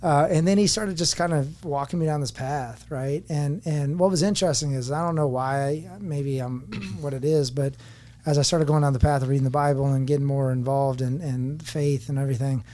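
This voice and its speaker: A man's voice: a little high, steady tone, brisk, darkish tone. A man in his forties, a podcast guest, telling his story candidly in an earnest, reflective way. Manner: earnest and reflective, speaking openly about personal struggles.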